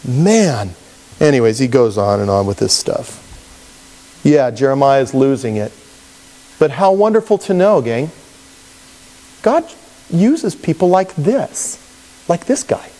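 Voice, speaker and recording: Animated preacher man in a reverberant hall. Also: mid-range voice, slow, pauses often. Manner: conversational and animated, acts out quoted voices. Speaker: pastor. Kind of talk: expository Bible teaching sermon. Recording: long reverb, as in a large hall.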